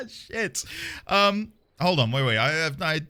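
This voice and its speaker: A man's voice: fairly high pitch, bright, forceful tone, a little hiss or hum. A man live-streaming a game, chatting playfully with viewers, with theatrical asides and frequent laughter.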